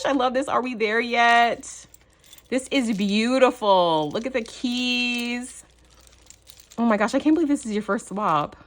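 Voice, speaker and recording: A woman hosting a casual craft unboxing vlog, gushing and excitable, with lots of fillers. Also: a little high, measured pace. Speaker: crafting channel host.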